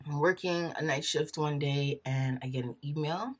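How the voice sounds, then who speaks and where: Low-voiced woman telling her story. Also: moderate pace. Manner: chatty, animated retelling with quoted inner dialogue. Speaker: vlogger. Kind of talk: personal storytelling.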